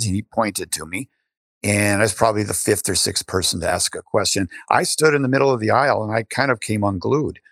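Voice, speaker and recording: An older man telling his story as an interview guest, animated, with frequent restarts. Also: mid-range voice, dry recording, clean studio sound.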